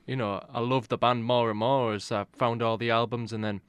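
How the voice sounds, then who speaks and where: A man's voice: medium pitch, level tone, a little fast, smooth, no echo. A young man from England in a tribute band, talking reflectively in an interview. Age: young adult.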